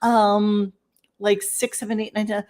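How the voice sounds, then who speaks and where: Woman cohosting, mid pitch, blunt and chatty. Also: little pitch movement, a little slow, darkish tone. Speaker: podcast co-host. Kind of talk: casual chat.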